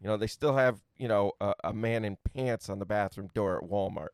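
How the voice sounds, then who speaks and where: A man's voice: lowish voice, a little fast, no room sound, clean studio sound. A man co-hosting a casual chat, teasing his partner and playing devil's advocate. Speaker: podcast co-host.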